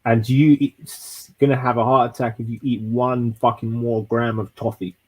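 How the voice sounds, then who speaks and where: A man's voice: mid-range voice, flat delivery, moderate pace, darkish tone, rough recording. A man from London throwing crude, swear-heavy freestyle insults in a trash-talk battle.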